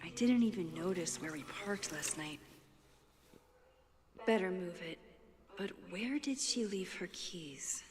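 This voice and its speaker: Max, a thoughtful young photographer who murmurs her thoughts softly, sometimes almost in a whisper. The recording has a long reverb tail, and clear game music plays underneath. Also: lowish voice, animated, slow pace, pauses often. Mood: reflective. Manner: soft, introspective, often near a whisper. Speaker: game character. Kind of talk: game voice acting with inner monologue.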